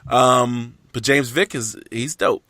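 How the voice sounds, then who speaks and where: A man's voice: medium pitch, fairly even intonation, takes it slowly, bright, forceful tone, dry recording. A man hosting a podcast, from Southeast Texas with a faint Texan accent, chatting casually and restarting his sentences. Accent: Texan, mostly faded. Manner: restarts often, easygoing banter. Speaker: podcast host.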